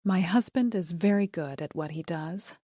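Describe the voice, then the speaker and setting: Lady playing a poised society wife, cool and measured, mellow tone, dry. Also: lowish voice, no echo, lightly acted.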